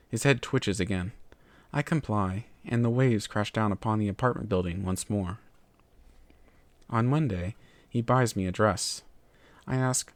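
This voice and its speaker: Man, story reader, low pitch, steady measured narration. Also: no echo. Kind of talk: narrated fan fiction reading.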